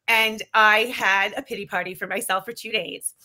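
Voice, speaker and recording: Bright, animated woman telling stories. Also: medium pitch, moderate pace. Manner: animated storyteller, acts out her own thoughts. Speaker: TV production professional, guest. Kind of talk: casual interview chat.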